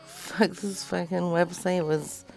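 Woman streamer talking slow at her computer, cussing, goes from mumbling to loud, faint music behind. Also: fairly low pitch, fairly even intonation, creaky. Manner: swears freely, drifts between mutters and loud bursts. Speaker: stream host making prank calls. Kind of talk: casual streamed chat.

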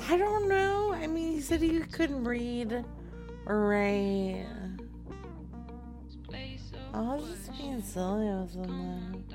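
A woman's voice: medium pitch, animated, takes it slowly, pauses often, music in the background. A woman hosting a casual live chat, teasing and crude, dragging her words out.

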